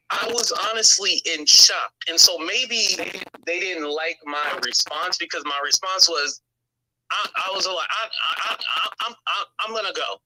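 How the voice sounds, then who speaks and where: A man's voice: fairly high pitch, pushed and bright, poor audio. A man telling a long story on his stream, rambling, repeating words and acting out what others said. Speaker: YouTube commentator. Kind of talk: storytime commentary on a live stream.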